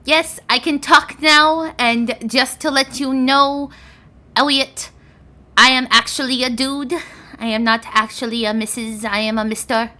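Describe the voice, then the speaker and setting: A woman's voice: high-pitched, fairly even intonation, a little slow, bright, forceful tone. A woman voicing a small, cheeky male pseudo dragon who speaks in a chirpy, matter-of-fact way.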